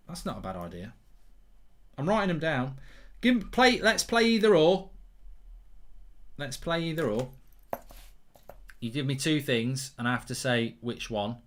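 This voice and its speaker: A man's voice: mid-range voice, fairly bright tone. A man hosting a football watchalong live stream, chatting casually and reading out viewer comments in a rambling, self-mocking way.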